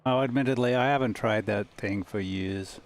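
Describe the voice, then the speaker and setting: A man streaming a sim race, chatting casually and quietly to viewers while he drives. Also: on the low side, normal speed. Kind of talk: casual live-stream chat while driving. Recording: racing-car engine noise behind. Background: engine roar from the racing game.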